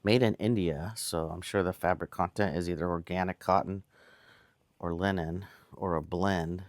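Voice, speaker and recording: Chatty low-voiced man showing thrift finds. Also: steady tone, moderate pace, no echo. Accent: American. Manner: chatty, rambling, self-amused. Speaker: reseller showing a haul. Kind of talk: casual vlog talk. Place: home indoors.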